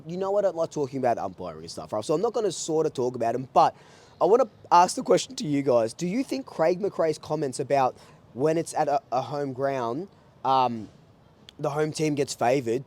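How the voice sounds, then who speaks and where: A young Australian man reviews a football match for his vlog in a warm, mellow voice. He talks with passion and rambles freely, often restarting a sentence or repeating a phrase as he goes. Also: mid-range voice. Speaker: football fan channel host.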